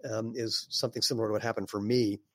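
A man speaking as an interview guest, explaining in a relaxed way with fillers and some throat clearing. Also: fairly low pitch, fast, no echo. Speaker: guest, barefoot sandal maker. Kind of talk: casual conversational interview.

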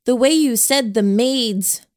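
A woman voicing an eager, playful young woman with a lively, raised delivery. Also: fairly high pitch, slow pace, voice pushed up.

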